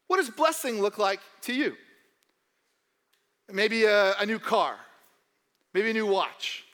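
High, bright-voiced young pastor in a reverberant hall. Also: male voice. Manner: humorous, animated, mock voices for the doubters. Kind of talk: sermon. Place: church hall.

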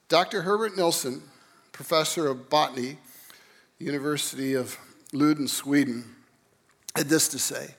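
A man giving an informal lecture, rambling and animated, with many restarts and repeated words. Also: on the high side, normal speed, gravelly, long pauses. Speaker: speaker on creation and evolution.

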